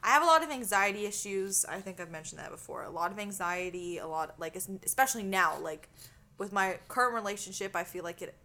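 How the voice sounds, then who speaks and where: A woman from Canada chats casually as a podcast co-host, telling stories with lively energy and frequent swearing. Her voice sits at a middle pitch. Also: fairly quick. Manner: animated storytelling, swears freely. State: itchy. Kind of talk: casual chat.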